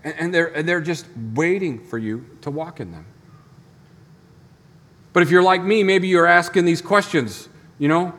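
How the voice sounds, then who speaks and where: A man's voice: on the high side, normal speed, a bit bright, big-room sound. A man preaching a sermon as pastor, in a conversational storytelling manner full of rhetorical questions. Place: church sanctuary.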